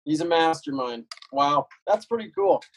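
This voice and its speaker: A man's voice: a little high, big pitch swings, moderate pace, breathy edge, rough recording. A man chatting casually with friends and family, chiming in with short reactions and praise. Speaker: family member in the conversation. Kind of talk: casual chat.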